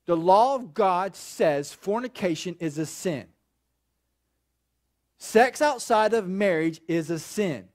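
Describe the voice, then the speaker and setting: A man preaching a sermon in a chatty style, checking in with "okay" and building to loud, emphatic points. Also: high voice, animated, slow pace. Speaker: pastor.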